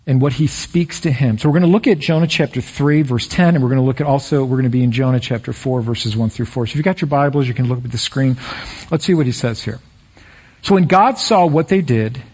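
A man with a high, husky voice preaches a sermon from the pulpit. His delivery is energetic and climbs to excited peaks before settling back down. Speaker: pastor.

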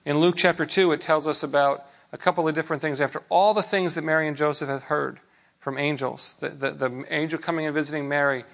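Conversational pastor, slightly high voice. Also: male voice, steady tone, fast talker, creaky, fairly bright tone. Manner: conversational, with frequent restarts and rhetorical questions. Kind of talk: sermon.

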